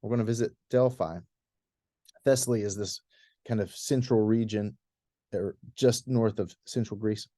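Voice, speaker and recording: A man's voice: lowish voice, moderate pace, pauses often. A man giving an informal, conversational presentation to a church group about a planned trip, leading it as clergy. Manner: relaxed, conversational with many restarts. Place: church hall.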